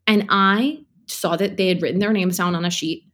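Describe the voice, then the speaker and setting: A woman being interviewed, telling stories from her childhood in a lively, laughing way and acting out other people's voices. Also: mid-range voice, moderate pace. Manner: animated, laughing, acts out quoted voices. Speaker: guest. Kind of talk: casual storytelling interview.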